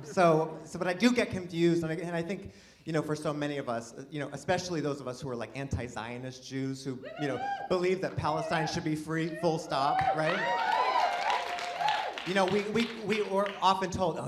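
A man with a fairly high voice doing a stand-up set, talking in a chatty, self-deprecating way and tripping over his own restarts before bursting into excited exclamations. The crowd laughs around him, and the live room recording carries a clear layer of noise. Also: moderate pace. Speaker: stand-up comedian. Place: live comedy venue with an audience. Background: audience laughter.

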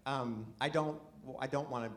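At a live stand-up show, a man with a mid-range voice talks at a normal speed. His set rambles and mocks himself, with lots of false starts and restarts. The room is live, and the audience can be heard laughing.

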